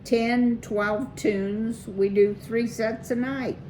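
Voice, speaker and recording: A woman's voice: fairly high pitch, fairly even intonation, extremely slow, slight background noise, pitched above the performer's own voice. Woman voicing a sleepy, drawling tiny mouse. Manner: soft drawl.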